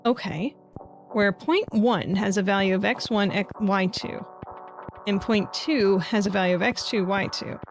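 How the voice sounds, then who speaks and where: Soft background music plays as a woman streamer talks her way through a puzzle game at a measured pace. Her voice is medium-pitched, and her casual live commentary mixes muttering to herself with swearing when she gets frustrated.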